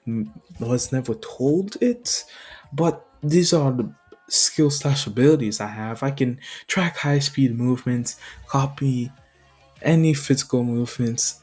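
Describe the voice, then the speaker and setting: A nervous teenage boy hero, voiced by a man, who trips over his words and hesitates as he lists what he can do. He speaks slowly, in a plain, mid-pitched voice. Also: darkish tone, close to an everyday voice. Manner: stammering, hesitant.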